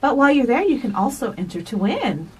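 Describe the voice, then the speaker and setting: A woman co-hosting a casual morning radio show, chatty and quick to laugh. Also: on the high side, big pitch swings, a little mellow, distant mic, a little hiss or hum. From Hispanic background, United States. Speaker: radio host.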